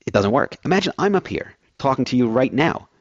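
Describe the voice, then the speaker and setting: A man's voice: mid-range voice, very animated, brisk, no echo, dull audio. A man filling in as host of a financial radio show, rambling through everyday analogies.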